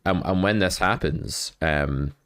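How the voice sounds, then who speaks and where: A man's voice: deep voice, takes it slowly, fairly bright tone, no echo, clean studio sound. A man from the west of Scotland, co-hosting a podcast in casual, reflective chat, explaining his points with examples. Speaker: podcast co-host.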